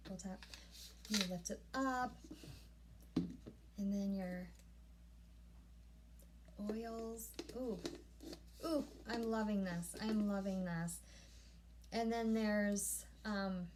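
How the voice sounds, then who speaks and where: A woman vlogging a casual unboxing at home, gushing and easily excited, often breaking off mid-sentence. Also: medium pitch, noisy background. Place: home room.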